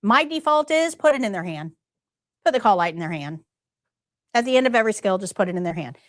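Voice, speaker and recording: A middle-aged nursing instructor teaches a live class in an animated, emphatic way, repeating key points and quizzing her students. Her mid-range voice moves at a quick pace, and the clean studio recording has no echo.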